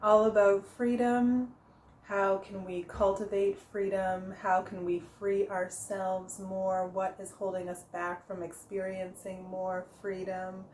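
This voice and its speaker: A woman giving a casual tarot reading for her vlog, chatty and quick to laugh, often stopping to correct herself. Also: mid-range voice, little pitch movement, a little mellow, reverberant, a little hiss or hum, poor audio. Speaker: tarot reader.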